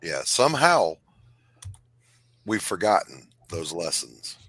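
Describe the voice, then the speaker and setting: Man, very deep voice, bright forceful tone, emphatic, opinionated. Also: big pitch swings, takes it slowly, slightly rough, no room sound. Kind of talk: casual chat.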